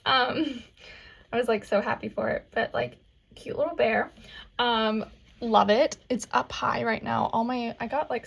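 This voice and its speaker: Her voice sits on the high side, gravelly and husky, as this young Southern US woman talks casually through a makeup tutorial. The makeup vlogger is chatty and leans heavily on valley-girl fillers, especially "like" and "um."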